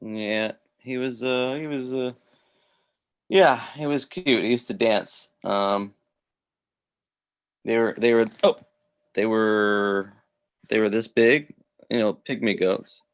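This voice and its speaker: Low-voiced man chatting on a call. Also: slow pace, long pauses, smooth. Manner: rambling, many restarts and fillers. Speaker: host. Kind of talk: casual video-call chat.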